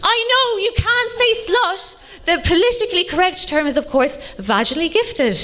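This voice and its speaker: Irish woman, late 30s, stand-up set, high voice, cheeky deadpan delivery. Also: moderate pace, background noise. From Ireland. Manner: bawdy, deadpan punchlines, teasing the crowd. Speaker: stand-up comedian. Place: comedy club stage before a live audience.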